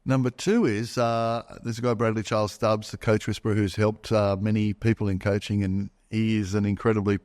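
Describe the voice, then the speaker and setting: A middle-aged man co-hosting a business podcast, driving his points home with short, emphatic statements. His voice sits fairly low, recorded dry and close. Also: little pitch movement, fairly quick, hardly any pauses, darkish tone, dry recording. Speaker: podcast co-host. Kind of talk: casual podcast chat.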